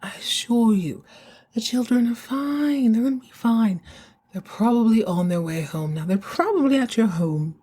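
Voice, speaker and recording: A woman's voice: fairly high pitch, lively intonation, normal speed, mellow, husky, pitched above the performer's own voice. A woman voicing a genteel older mother-in-law in a mid-Atlantic accent, drawling and sweetly condescending. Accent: mid-Atlantic (put on). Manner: drawling "darling", airy and reassuring.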